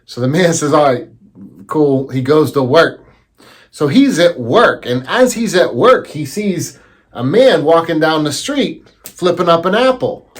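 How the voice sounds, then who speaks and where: A man telling a teaching story as a lesson, animated and acting out the voices he quotes. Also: on the high side, measured pace, breathy edge.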